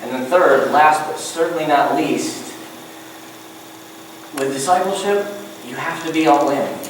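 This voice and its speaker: A man preaching a sermon as a pastor, animated and acting out little scenes in different voices. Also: on the high side, measured pace, slight background noise. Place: church sanctuary. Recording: echoey church hall from far off.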